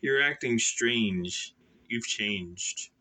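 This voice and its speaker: Man reading as a confused young assassin, pleading, halting, storybook hero, bright clear tone, slow deliberate delivery. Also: mid-range voice, exaggerated voice. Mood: alarmed. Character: earnest young male assassin, bewildered and alarmed. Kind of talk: self-published novel read aloud.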